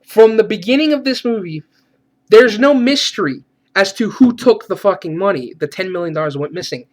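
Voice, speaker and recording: A man's voice: sits high, expressive, normal speed. A man giving a profane, sarcastic movie rant, swearing often and laughing ironically. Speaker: movie reviewer.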